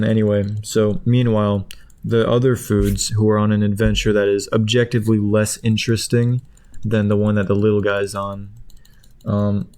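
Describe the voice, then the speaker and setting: A man's voice: lowish voice, a little mellow, clean tone. A man casually retelling a story in a meandering, chuckling way, with lots of fillers. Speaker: video creator. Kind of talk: casual rambling plot retelling.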